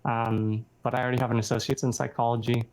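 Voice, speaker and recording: A man's voice: medium pitch, flat delivery, fast talker, darkish tone, rough recording. A man in his twenties introducing himself as a game developer guest, earnest and dotted with ums and likes. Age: 20s. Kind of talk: casual interview chat.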